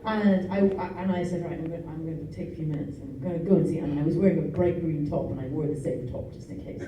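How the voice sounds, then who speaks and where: Woman performer, animated live storytelling; distant bootleg with noisy crowd. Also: fast talker, echoey room, dull audio. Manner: animated, acts out quotes with big pitch jumps, laughs and swears. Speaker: singer telling a story on stage. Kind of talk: live on-stage storytelling between songs. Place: music venue, live show. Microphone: fan's handheld recorder in the audience. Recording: distant audience recording with crowd noise. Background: crowd murmur and laughter.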